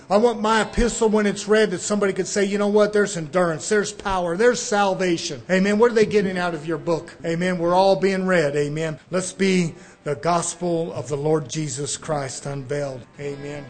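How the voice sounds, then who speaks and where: A male preacher with a strikingly high voice, delivering a fervent sermon. He drives his points home with repeated amens and hallelujahs, swinging between quiet earnest passages and shouted praise. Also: steady tone, moderate pace. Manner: fervent, call-and-response amens, rising to shouts. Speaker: pastor.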